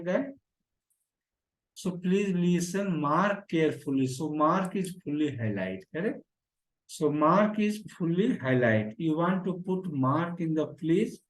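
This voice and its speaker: Man, coding teacher, slow deliberate pace, repeats himself. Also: high voice, darkish tone, roomy sound, rough recording. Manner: repeats phrases, addresses class as "guy". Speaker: programming teacher. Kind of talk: screen-share coding lesson.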